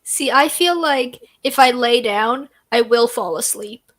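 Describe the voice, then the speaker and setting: A woman's voice: fairly high pitch, a little slow, fairly bright tone. A young woman guesting on a casual stream, chatting candidly, teasing her friend and laughing easily. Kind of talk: casual chat.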